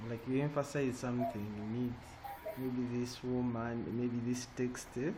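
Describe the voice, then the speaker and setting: A man's voice: medium pitch, flat delivery, unhurried. A man teaching an online design class. He stops often to check in with "eh?" and "yeah?". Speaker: design trainer. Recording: noisy online call audio.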